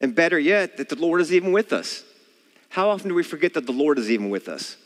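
Earnest preacher with lively pitch. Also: male voice, quick pace, in a large hall. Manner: earnest, rhetorical questions to the listeners. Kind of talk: sermon.

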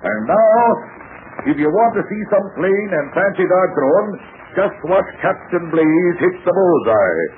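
An actor playing a blustering, mocking old sea captain in a 1940s radio drama. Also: male voice, high-pitched, animated, unhurried. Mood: boastful. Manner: boisterous, mocking, chuckling bluster. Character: blustering, taunting old sea captain, fiery-haired father. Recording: tinny scratchy 1940s radio broadcast.

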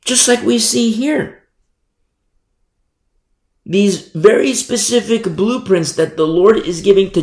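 A man's voice: sits high, echoey room. A man preaching a Bible sermon in an emphatic, rhetorical way, often asking "you see?".

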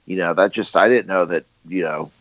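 A man co-hosting a casual podcast, speaking haltingly with many restarts. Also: sits low, a bit bright, no echo. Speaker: podcast co-host. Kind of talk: casual chat. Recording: dry, dull lo-fi audio.

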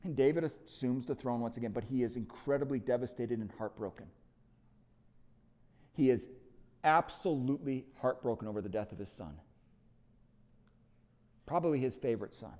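A man preaching a sermon as lead pastor, telling a story with emphasis and slowing down for quiet, reflective moments. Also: mid-range voice.

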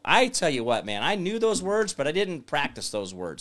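A man's voice: a little high, huge pitch swings, fairly quick, fairly bright tone. A man hosting a casual political commentary livestream, rambling and sarcastic as he reads viewer comments aloud. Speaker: talk show host.

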